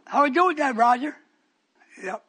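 A man preaches a fiery sermon in a very high, husky voice, repeating phrases for emphasis at a normal speed. He's animated, swinging between shouts and hushed whispers.

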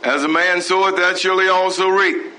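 A man's voice: high-pitched, fairly even intonation, normal speed, a crowd in the background, rough recording. A man preaching a sermon, asking the congregation rhetorical questions. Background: congregation responding.

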